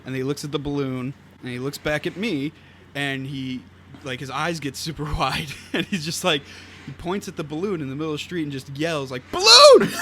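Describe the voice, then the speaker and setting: A young man with a fairly high voice tells stories as a podcast guest. He is animated and laughs his way through them. A steady noisy hiss sits under the recording. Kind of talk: casual chat.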